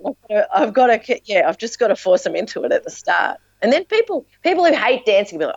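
A woman with an Australian accent, a dance teacher and performer, telling animated stories in casual podcast chat. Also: medium pitch, quick pace, no room sound, highs cut off. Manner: animated storyteller, acts out quotes.

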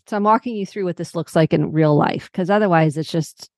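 A woman's voice: mid-range voice, brisk, few pauses, a little mellow, dry recording, clean studio sound. A middle-aged woman psychotherapist explaining coping steps as a podcast guest, walking through everyday examples. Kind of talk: podcast interview.

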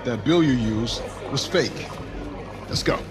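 An actor playing a stern security guard accusing a customer of paying with fake money. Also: male voice, mid-range voice, takes it slowly, lightly acted. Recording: TV clip with music behind.

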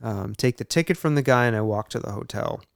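A man's voice: medium pitch, fast talker, creaky, no echo, clean studio sound. A middle-aged man co-hosting a podcast, telling a story casually and acting out the dialogue. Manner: animated, plays out dialogue. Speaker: podcast co-host.

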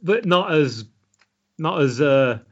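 A man chats casually as co-host of a film podcast, reading out trivia in a dry, matter-of-fact way. His voice sits a little high for a man. The recording sounds muffled and lo-fi. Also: lively intonation, slow pace. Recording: dull lo-fi sound.

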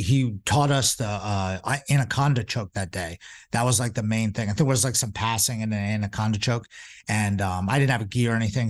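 Man, 40s, podcast guest, casual storytelling, rambling, filler words. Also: lowish voice. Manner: rambling, many fillers and restarts. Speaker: podcast guest, jiu-jitsu instructor.

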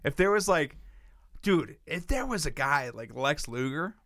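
This podcast co-host tells meandering, foul-mouthed stories in a casual show, performing the quotes himself. He sounds very animated, with a higher pitch and a sharp tone, yet never hurries. It's clean studio audio with no room sound.

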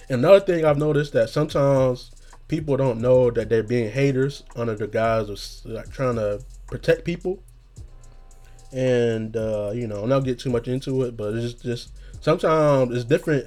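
A man hosting a casual solo podcast rant, rambling and profane, in a self-described monotone, with faint music behind him. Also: medium pitch. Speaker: podcast host.

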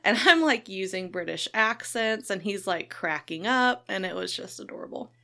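An American woman in her thirties telling an animated story in casual chat, laughing often. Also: medium pitch, moderate pace.

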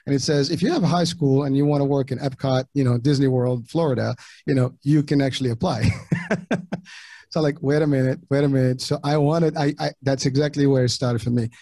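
Moroccan-born man, dark warm voice. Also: medium pitch, fairly even intonation, dry recording. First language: French and Arabic. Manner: halting, with many restarts and fillers. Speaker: podcast guest. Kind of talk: casual interview talk.

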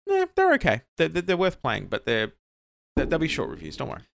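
A man's voice: fairly high pitch, wildly swooping pitch, a little fast, gravelly, no echo. A man co-hosting a podcast while sick with a sore throat, joking and rambling with lots of restarts. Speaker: podcast co-host. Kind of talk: casual chat.

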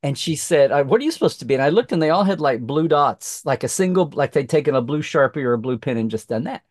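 A middle-aged man from Oklahoma, a podcast guest, telling a lively story in casual chat, acting out quoted voices with many restarts. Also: a little high, fast, dry recording, studio quality.

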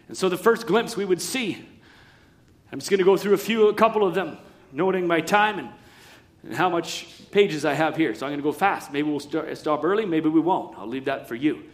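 A man preaching a sermon in an emphatic manner, swinging from loud preaching to quiet asides. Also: on the high side, fairly quick.

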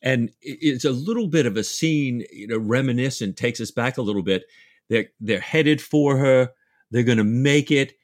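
A man's voice: medium pitch, moderate pace, dry recording, studio quality. A man co-hosting a book podcast, chatting enthusiastically about the story. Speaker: podcast co-host. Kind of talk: casual book discussion.

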